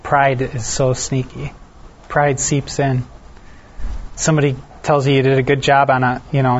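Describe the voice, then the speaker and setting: A man leading a casual Bible study, reading scripture aloud and then explaining it in a relaxed, self-deprecating way while asking the group questions. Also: medium pitch, a little hiss or hum. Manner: asks the listeners questions. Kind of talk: conversational Bible teaching. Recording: dull lo-fi recording.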